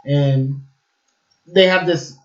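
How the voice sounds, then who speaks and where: A man's voice: on the high side, very slow. Man, casual film review, enthusiastic, rambling, fillers, echoey room, dull lo-fi sound.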